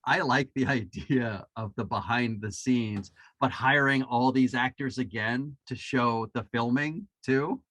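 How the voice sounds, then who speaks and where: A man's voice: mid-range voice, unhurried, hardly any pauses, a bit bright, dry recording. A man co-hosting a podcast, chatting casually during a movie watch-along, joking and playing with words. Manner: jokey, playful wordplay, laughs often. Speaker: podcast co-host.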